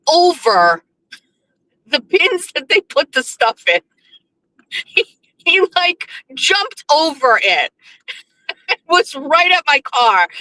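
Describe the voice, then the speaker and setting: A woman's voice: high-pitched, sharp tone, poor audio. A woman hosting a show, telling a casual story in a chatty, profane way full of fillers. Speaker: radio show host.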